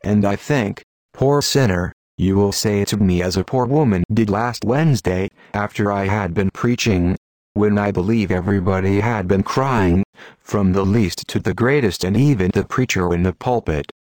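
Low, fervent male preacher, dry sound. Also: moderate pace, darkish tone, no echo. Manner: fervent, solemn and rhetorical. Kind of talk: old-style sermon reading.

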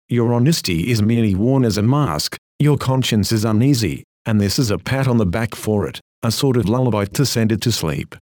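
A man reading an old-fashioned sermon in an earnest, exhorting manner, slowing down for emphatic phrases. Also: lowish voice, animated, a little mellow, dry recording, studio quality. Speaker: preacher. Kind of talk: read Victorian sermon.

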